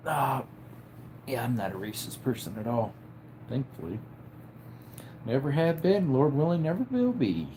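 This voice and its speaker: A tired man with a headache, lying in bed at home and chatting casually on a livestream while reading out viewer comments in a low-key, drowsy way that trails off. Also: very animated, measured pace, long pauses, dark tone, a little hiss or hum. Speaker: livestream host.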